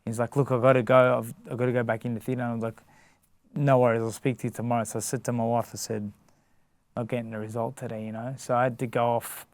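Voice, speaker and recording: A man's voice: mid-range voice, level tone, darkish tone, no echo. A man, a boxer, talking casually in an interview, often restarting his sentences and filling them with "you know" and "like". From Australia. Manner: halting, many restarts and fillers. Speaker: guest, boxer.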